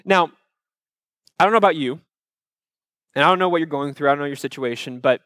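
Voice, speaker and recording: A man with a fairly high voice tells a personal story to an audience. He is conversational and animated, slipping in fillers and asides to the crowd. The sound is dry and close, with no room echo. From Iowa, USA. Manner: animated, acts out his own childhood panic. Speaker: speaker addressing a live audience.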